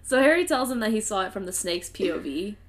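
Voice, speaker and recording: A woman's voice: medium pitch, animated, fast. A woman co-hosting a podcast, casually recapping a book with lots of fillers and trailing thoughts. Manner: chatty, filler-heavy, trails off mid-thought. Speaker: podcast co-host.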